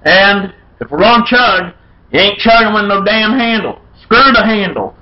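Brief: high-voiced male beer vlogger, brash and folksy, dull lo-fi recording. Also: expressive, normal speed. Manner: loud, folksy and irreverent, with playful chants. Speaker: beer review show host. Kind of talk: casual beer review vlog.

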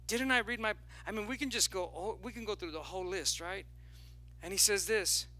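A male pastor preaching a sermon, animated and lively, drawing call-and-response from the congregation with playful asides. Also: high-pitched. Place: church sanctuary.

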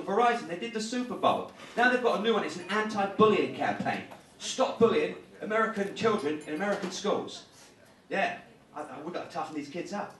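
English comic, high-pitched, brash crowd work, roomy live mic from a distance. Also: male voice, fairly bright tone. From England. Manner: brash, mocking, quick crowd banter. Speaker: stand-up comedian. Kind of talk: live stand-up comedy set. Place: comedy show room. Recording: echoey room from far off, crowd laughter.

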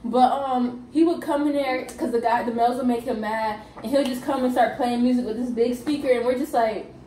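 A young woman chatting in quick slang and laughing as she swaps boot camp stories with her roommates. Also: fairly high pitch, fairly even intonation, warm tone, distant mic. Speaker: Navy recruit. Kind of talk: casual chat among roommates. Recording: echoey room, camera from afar, faint hiss.

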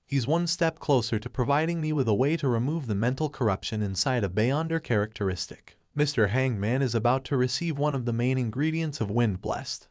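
A man reading a fantasy novel aloud as an audiobook narrator, in a steady, even delivery. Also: medium pitch, dry recording, clean studio sound. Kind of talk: scripted narration.

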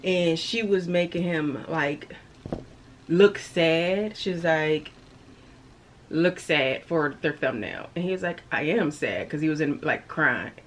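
A woman's voice: low voice, unhurried. Young woman vlogger, tired, chatty, laughs a lot, faint noise behind. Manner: chatty, laughs often, addresses viewers as y'all. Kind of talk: casual vlog chat.

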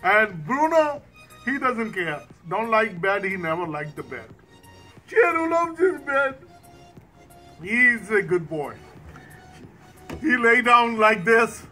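A man's voice: high voice, very animated, slow pace, long pauses, bright, forceful tone, faint music behind. A man filming his dogs at home, narrating casually and coaxing his dog fondly.

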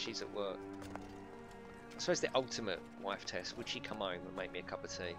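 A man's voice: lowish voice, normal speed, bright, forceful tone, faint music behind. A man chatting casually as he streams a video game, swearing freely and laughing often. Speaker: gaming livestreamer. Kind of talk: casual live gameplay commentary.

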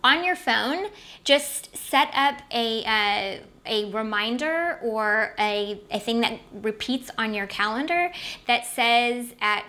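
Woman, motivational host, bright voice, fairly high, upbeat, keeps asking "right?". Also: expressive, takes it slowly. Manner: upbeat, repeats "right?" often. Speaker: host of a self-help video series. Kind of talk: motivational talk to camera.

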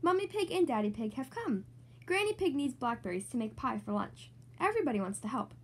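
A woman's voice: high-pitched, big pitch swings, fairly quick, breathy edge. A young woman reading a children's storybook aloud in an upbeat, sing-song way, as host of her channel. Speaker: children's book reader. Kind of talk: read-aloud storytelling for kids.

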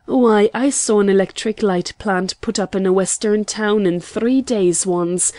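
Woman reading eager young gentleman, earnest, excitable, dry close sound. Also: mid-range voice, unhurried, no echo, close to an everyday voice. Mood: excited.

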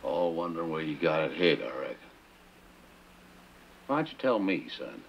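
A man's voice: rumbling low, big pitch swings, moderate pace, vocal fry, muffled recording, a little hiss or hum, exaggerated voice. An actor playing a sly, self-serving lawman with a drawl, folksy and persuasive in a film. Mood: prodding. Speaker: deputy sheriff type scheming for whiskey.

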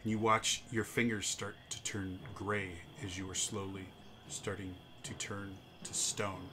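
A man narrating as game master of a tabletop game, with halting, stuttering restarts. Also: on the low side, flat delivery, background noise.

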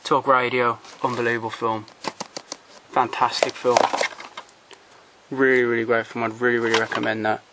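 A man casually rambles through the film collection in his home, blunt, opinionated, swearing freely, trailing off between titles, recorded on a handheld camera. His medium-pitched voice is flat, and his pace normal. Heavy background noise fills the recording.

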